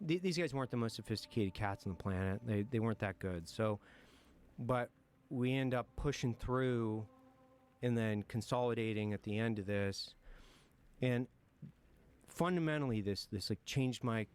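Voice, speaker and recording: A military veteran telling war stories in an interview, frank and profane, reflective at times and breaking into nervous laughter. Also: male voice, lowish voice, clear, resonant tone. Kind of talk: candid war storytelling in a podcast interview.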